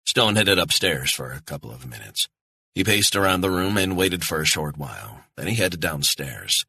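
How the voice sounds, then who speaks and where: Low husky male audiobook narrator. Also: very animated, normal speed, sharp tone, dry recording, studio quality. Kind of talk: scripted thriller narration.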